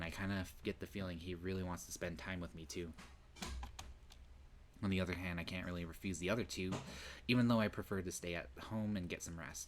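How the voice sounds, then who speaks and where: A man streaming a visual novel, reading the dialogue aloud between loud outbursts and swearing. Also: low voice, slight background noise.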